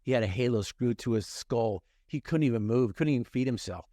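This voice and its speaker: A man's voice: medium pitch, brisk, dark tone, no room sound, clean studio sound. A middle-aged man telling his personal story in a conversation, earnest and emphatic, repeating phrases for effect.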